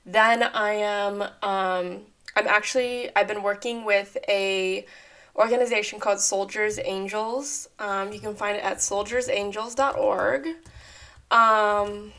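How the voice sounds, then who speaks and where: A young adult woman talks through a solo podcast episode from her apartment. Her voice is slightly hoarse and rough. She chats loosely and rambles, with plenty of fillers along the way. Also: medium pitch, fairly even intonation, slow pace, sharp tone. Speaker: podcast host. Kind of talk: casual solo podcast talk. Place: apartment at home.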